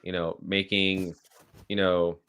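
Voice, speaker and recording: A man as a guest in a casual interview, calmly explaining, with many filler words. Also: low voice, slow, clear, resonant tone.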